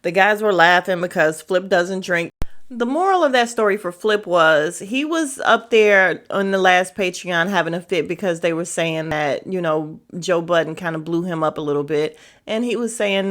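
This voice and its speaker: A woman's voice: lowish voice, normal speed, a bit bright. A woman hosting a casual recap of a podcast episode, talking candidly and giving her own opinions with chatty asides.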